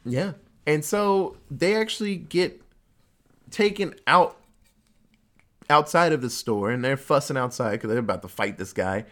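A man's voice: on the high side, measured pace, long pauses, fairly bright tone. A man recapping a movie in casual chat, rambling and swearing freely. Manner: rambling, profane, storytelling.

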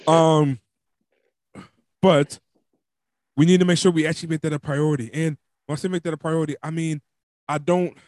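A man with a slightly high voice hosts a relaxed sports talk show, loose and chatty, dropping "um" and "like" as he goes. The sound is dry and close. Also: normal speed, long pauses, no room sound. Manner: loose, chatty, laughs often, fills with "um" and "like". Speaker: podcast host. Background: dog squeaking a toy.

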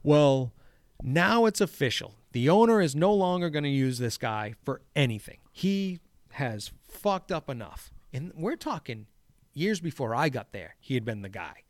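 A man telling a story in casual conversation. He swears often and acts out the lines he shouted. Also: a little high, measured pace, no room sound. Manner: profane, animated, acts out shouted quotes. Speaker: golf course superintendent.

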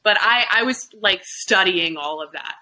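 A woman's voice: mid-range voice, expressive, moderate pace, sharp tone, rough recording. A young adult woman hosting a podcast, chatting casually with lots of fillers and restarts. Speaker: podcast host. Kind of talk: casual chat.

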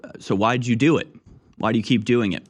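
A man's voice: mid-range voice, steady tone, fast talker, breathy edge. Sarcastic male talk radio host. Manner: sarcastic, mocking, trailing off mid-sentence. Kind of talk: opinionated commentary reading news.

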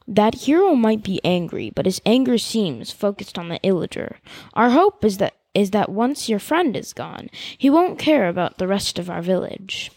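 A woman's voice: medium pitch, sing-song, a little mellow, no echo. A woman voicing a cautious man who leads the villagers, choosing his words carefully. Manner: careful, measured. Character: cautious male village leader.

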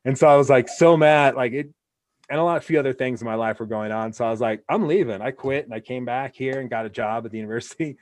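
A man's voice: medium pitch, steady tone, fast, a little mellow, no room sound. A man from Wyoming hosting a casual interview, telling rambling anecdotes full of restarts. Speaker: podcast host.

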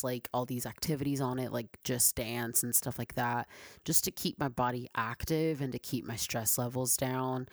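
A woman's voice: very deep voice, creaky, dry recording, clean studio sound. A woman hosting a casual advice podcast, chatty and rambling with lots of fillers, talking into her own microphone. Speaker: podcast host.

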